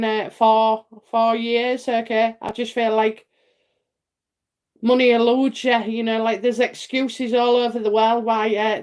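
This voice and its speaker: A woman's voice: fairly high pitch, darkish tone. A middle-aged British woman doing a casual psychic reading on a live stream, rambling on with lots of fillers and tag questions and laughing often. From United Kingdom.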